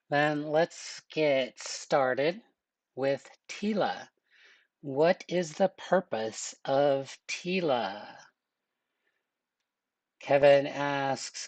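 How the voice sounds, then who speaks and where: A man teaching a live online exam-prep lesson in a relaxed, chatty way, with filler words and joking asides. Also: mid-range voice, creaky, dry recording. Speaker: webinar instructor.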